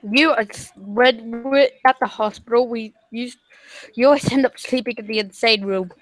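A woman's voice: on the high side, moderate pace, dry recording, poor audio. Playful woman chatting over a game. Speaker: co-player, guest. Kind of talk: casual gaming chat.

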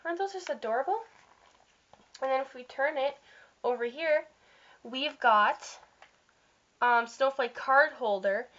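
A woman with a somewhat high, slightly bright voice flips through a holiday catalog as a vlogger, gushing and chatty, using fillers and making small slips. The sound is dull and lo-fi.

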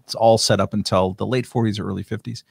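A man from the Pacific Northwest co-hosting a casual talk, speaking in a relaxed, halting way with many fillers. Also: fairly low pitch, creaky, breathy edge, no room sound, clean studio sound. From Portland, Oregon. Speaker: podcast co-host. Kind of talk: casual conversational chat.

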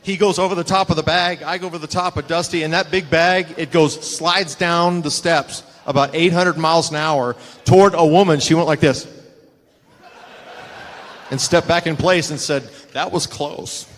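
An older man, a former wrestler, telling lively anecdotes at a live fan Q&A and acting out the dialogue. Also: a little high, normal speed, long reverb tail. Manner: animated anecdotes, acts out dialogue, laughs often.

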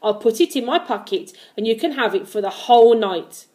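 A woman voicing a small, timid male zookeeper with a squeaky voice, eager and hesitant by turns. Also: expressive, brisk, a little mellow, lightly acted. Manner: eager, hesitant then sure.

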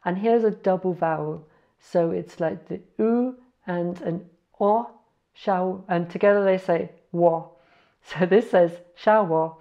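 Woman, casual home tutorial host, slightly low voice, self-correcting, muffled lo-fi sound. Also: dark tone. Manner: chatty, self-correcting, spells out letters slowly. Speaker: language learner sharing words.

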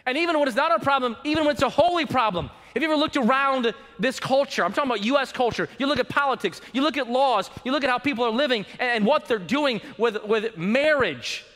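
Male pastor, high bright tenor, preaching in a reverberant church hall, dramatic swings from urgent to hushed. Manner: dynamic preaching, swinging from loud urgency to hushed low emphasis. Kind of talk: sermon. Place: church sanctuary.

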